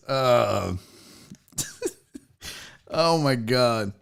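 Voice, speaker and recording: A man hosting a casual sports show, profane and animated with laughing asides. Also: sits high, a little slow. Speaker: host.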